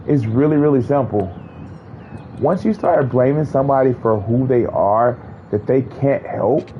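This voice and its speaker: A man's voice: medium pitch, unhurried, dull audio, slight background noise. A man streaming a game while he rants in casual commentary, blunt, heated and full of swearing.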